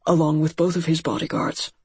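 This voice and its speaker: Reader voicing a cold killer of a servant, formal and clipped, slightly husky tone. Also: mid-range voice, level tone, fairly quick, no echo, close to an everyday voice. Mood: deferential.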